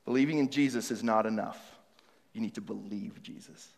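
A male pastor preaching, moving between hushed, searching questions to the congregation and loud, emphatic passages. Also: fairly low pitch, a little fast, gravelly. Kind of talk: sermon. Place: church hall. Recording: long reverb of a large hall.

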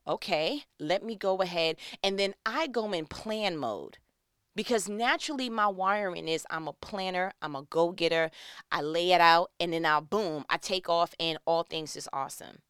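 A woman's voice: on the low side, normal speed, fairly bright tone, smooth, no echo, studio quality. A woman in her thirties giving a casual devotional talk, acting out little scenes in other voices.

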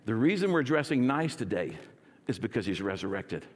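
Energetic pastor in a reverberant church. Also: male voice, on the low side, brisk, slightly rough. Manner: energetic, leads congregation in call and response. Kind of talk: sermon. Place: church sanctuary.

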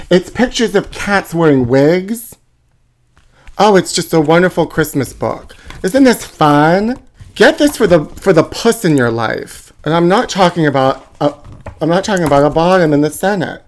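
Campy man hosting a trashy holiday podcast. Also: fairly high pitch. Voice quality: campy, drawling, calls listeners "my trashy". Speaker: podcast host. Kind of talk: campy comedic monologue.

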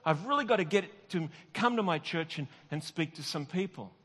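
A middle-aged pastor preaches in a relaxed storytelling way, chuckling at himself and restarting his sentences. His voice sits a little high for a man. The sound carries the long reverb of a large hall. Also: fairly quick, husky. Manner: conversational, self-deprecating, with frequent restarts and laughs. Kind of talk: sermon with personal storytelling.

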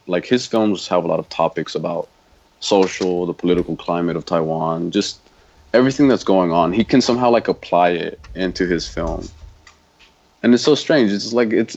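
Man, very low voice, rambling casual film chat, lots of fillers, dull lo-fi audio. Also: a little mellow. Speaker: podcast co-host.

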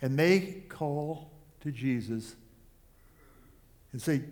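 Slow, earnest preaching man. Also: mid-range voice, darkish tone. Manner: earnest, pausing often with small restarts. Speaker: pastor. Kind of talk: sermon.

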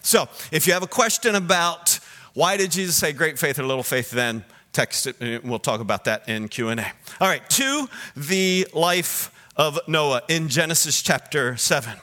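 Animated man preaching a sermon. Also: normal speed. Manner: animated preaching, swinging between loud emphasis and soft low asides; asks the audience direct questions. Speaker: pastor.

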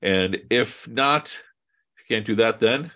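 A man's voice: on the low side, slow, pushed and bright. A man teaching an online Quran class in a casual, conversational way, quizzing students and using fillers. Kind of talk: casual online religious lesson.

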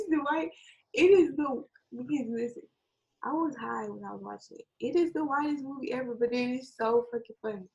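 A woman in casual chat, retelling a story with lively acted-out quotes, swearing and laughing often. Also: high-pitched, moderate pace, creaky, low-quality recording. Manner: animated storytelling, acts out quotes.

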